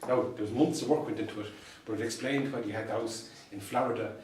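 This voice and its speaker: An Irish solicitor and mediator giving an anecdotal talk to fellow professionals, telling stories with dry humour and repeated punchlines. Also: male voice, fairly low pitch, steady tone, fast talker, darkish tone, a little hiss or hum. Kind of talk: anecdotal presentation to a professional audience. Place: meeting room. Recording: distant mic in an echoey room.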